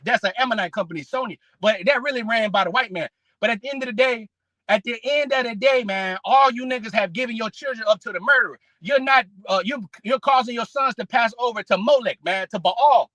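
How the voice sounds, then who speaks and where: A man's voice: high voice, bright, forceful tone, no room sound, low-quality recording. A man preaching a heated, profane religious rant, scolding his listeners and quoting scripture between outbursts. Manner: scolding, peppered with "man" and "bro".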